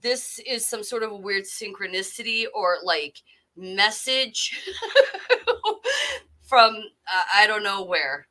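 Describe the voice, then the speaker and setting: A woman from the Boston area co-hosts a loose, casual talk show. Her voice is bright and a little sharp, and she rambles through asides with frequent laughter. The pitch sits at an ordinary middle height. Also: sing-song, slow, pauses often. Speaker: podcast co-host. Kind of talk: casual chat.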